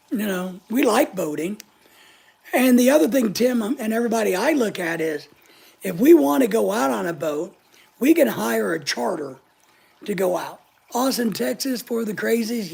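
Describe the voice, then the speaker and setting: Gravelly, husky older woman chatting. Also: medium pitch, darkish tone. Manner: chatty, blunt and opinionated. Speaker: channel host answering live chat. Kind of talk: casual live chat.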